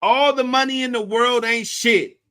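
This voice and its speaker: A man hosting a reaction commentary, crude, profane and animated. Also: very high voice, unhurried, clean tone. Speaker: host.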